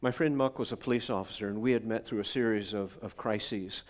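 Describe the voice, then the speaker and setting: A man's voice: lowish voice, fairly quick. A male pastor, telling stories in a chatty sermon and asking his congregation questions. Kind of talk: conversational sermon storytelling. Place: church gathering.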